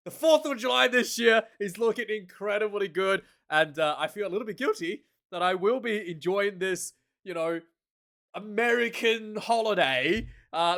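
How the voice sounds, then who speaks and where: A young man talks rugby in a loose, rambling way, laughing between thoughts and restarting his sentences. His voice sits fairly high for a man. He sounds like he is speaking straight to camera into a desk mic. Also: vocal fry, a bit bright. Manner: chatty, laughs often, many fillers and restarts. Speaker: rugby commentator and channel host. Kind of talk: casual rambling commentary.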